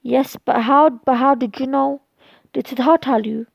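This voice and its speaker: A woman's voice: high voice, fairly even intonation, moderate pace, gravelly, no echo, exaggerated voice. A woman voicing an anxious, questioning young college girl in a homemade story reading, recorded dull and dry. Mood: startled.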